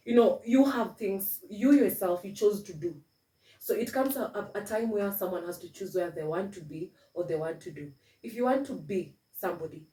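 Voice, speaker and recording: Woman interviewer, earnest, advice-giving, mellow tone, roomy echo, voice off-mic. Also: medium pitch, recorded from a distance. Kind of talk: casual interview. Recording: echoey room, voice from off-mic.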